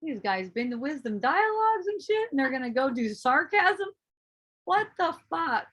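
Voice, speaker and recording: A woman giving a casual spiritual talk, animated and laughing often, acting out her own inner voices and swearing freely. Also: high-pitched, normal speed. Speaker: spiritual teacher.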